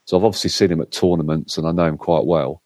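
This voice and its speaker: A middle-aged man telling a lively story in casual chat, acting out what others said. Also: deep voice, quick pace, dry recording. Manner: animated storyteller, acts out quotes. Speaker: co-host.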